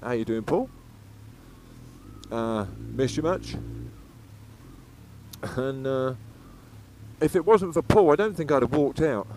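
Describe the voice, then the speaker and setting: Out on the road on his motorcycle, an English vlogger rambles chattily, swearing freely and drifting between subjects. His medium-pitched voice is expressive and a little mellow, with a slow pace and frequent pauses. The helmet-mounted action camera records faint road and engine noise.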